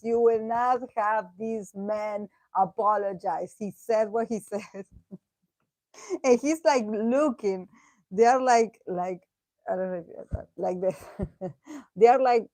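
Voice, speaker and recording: A woman's voice: mid-range voice, slow pace, no room sound. Chatty woman reading tarot. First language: Spanish. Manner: chatty and expressive, often laughing, lots of fillers and restarts. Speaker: tarot reader. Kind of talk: casual tarot reading commentary.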